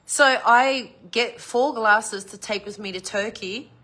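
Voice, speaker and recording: Brief: middle-aged woman, unhurried, rambling livestream host who laughs and swears. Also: medium pitch, steady tone, sharp tone. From New Zealand. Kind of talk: casual livestream chat.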